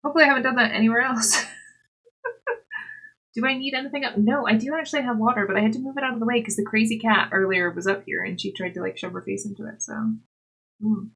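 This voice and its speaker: Giggly breathy woman streaming. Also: on the high side, steady tone, fast, fairly bright tone. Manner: chatty, giggly, talks to her cat and chat. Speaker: livestreamer. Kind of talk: casual chat with live chat while knitting.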